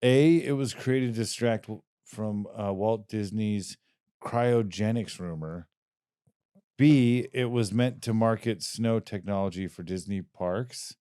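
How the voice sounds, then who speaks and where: A man's voice: fairly low pitch, slow pace, warm tone, smooth, no room sound, clean studio sound. A laid-back man co-hosting a comedy podcast, reading out quiz questions and saying "dude" a lot. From Southern California. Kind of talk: casual banter, reading quiz options.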